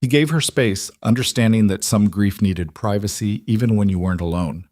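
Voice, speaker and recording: A man tells a scripted western story in a steady, measured voice. His voice sits fairly low and sounds dry and close, with no room around it. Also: no echo. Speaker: narrator. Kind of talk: scripted narration.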